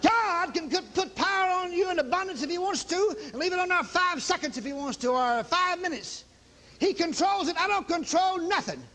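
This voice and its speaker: A man preaching a sermon, telling stories in an animated, exclamatory, folksy way. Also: very high voice, moderate pace, slight background noise. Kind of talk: storytelling sermon.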